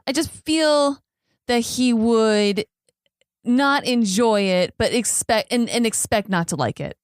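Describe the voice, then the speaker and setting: A woman's voice: fairly high pitch, expressive, slow pace, clean tone, no room sound, studio quality. A woman guest on a movie podcast, chatting casually and often restarting her sentences. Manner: chatty, hesitant, trailing restarts.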